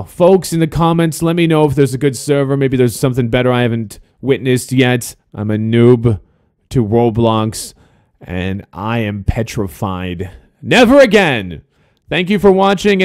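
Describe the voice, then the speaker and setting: A man hosting a gaming video, giving live commentary with excitable, swearing outbursts and jokey asides to viewers. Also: medium pitch, normal speed, clear, resonant tone.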